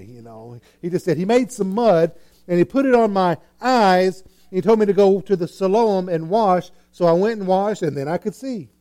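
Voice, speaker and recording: A male preacher with a high-pitched, warm, mellow voice delivers a sermon. He tells the story dramatically and acts out its characters, swinging between hushed asides and loud, excited bursts.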